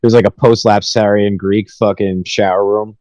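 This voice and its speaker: A man's voice: on the low side, level tone, normal speed, a little mellow, no room sound, low-quality recording. A young man telling rambling, profanity-filled stories with laughs in a casual podcast chat. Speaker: podcast host.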